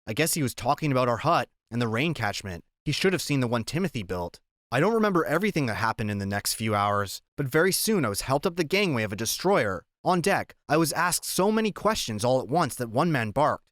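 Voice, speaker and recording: A man narrating a novel as an audiobook, expressive and storytelling. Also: medium pitch, fairly quick, no room sound, studio quality. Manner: expressive reading, acting out shouted lines.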